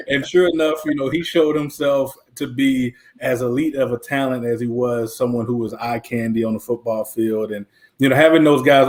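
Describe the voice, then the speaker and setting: A young man, a former college lineman, talking as a guest in a casual interview, telling stories in a relaxed, reflective way with plenty of fillers. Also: medium pitch.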